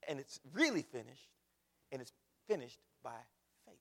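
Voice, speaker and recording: A man preaching a sermon, dropping to hushed storytelling and rising to loud preaching. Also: mid-range voice, big pitch swings, moderate pace, gravelly, pauses often, long reverb tail. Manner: folksy, addresses the congregation as y'all.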